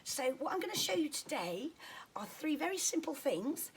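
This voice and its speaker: A woman giving a friendly, chatty massage demonstration lesson, gentle in tone and joking now and then. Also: high-pitched, big pitch swings, moderate pace, slight background noise. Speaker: children's touch therapist demonstrating massage. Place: indoors at home during lockdown.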